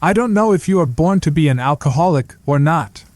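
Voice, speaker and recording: A man's voice: on the high side, lively intonation, brisk, darkish tone, voice pushed up, natural voice. A man playing a sardonic young psychology student. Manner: dry, dismissive, lecturing.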